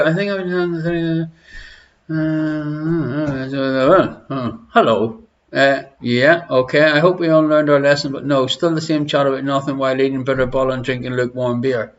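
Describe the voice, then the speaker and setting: An Irish man hosts an online quiz show from his living room, chatting casually and teasing viewers as he greets them by name. His voice is on the high side and a bit bright, with lo-fi home stream audio.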